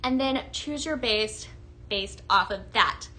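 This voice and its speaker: Upbeat young woman presenter, high bright voice, live product demo, faint noise behind. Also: slow. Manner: upbeat, gushing, chatty with viewers. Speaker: home fragrance product presenter. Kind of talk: live sales demonstration.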